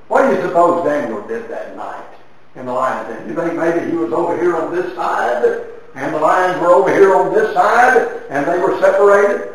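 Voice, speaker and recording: A man preaching a sermon, retelling a Bible story with dramatic swings between soft and loud. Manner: dramatic storytelling with sweeping swings of pitch and loudness. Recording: very echoey hall from far off.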